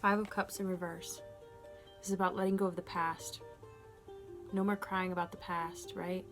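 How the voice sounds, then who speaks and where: A woman's voice: on the low side, level tone, normal speed, faint music behind. A woman giving a collective tarot reading, earnest and emotional, encouraging her viewers directly. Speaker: tarot reader.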